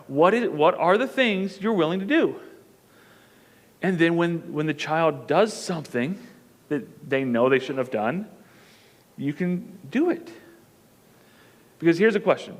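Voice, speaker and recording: A man in his thirties gives a sermon in a church auditorium, his voice a little higher than most and carried by a long reverb. He talks in a loose, joking way to the congregation, then lifts into loud, emphatic stretches to drive a point home. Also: animated, measured pace, long pauses. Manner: conversational and joking, rising to emphatic bursts. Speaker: pastor.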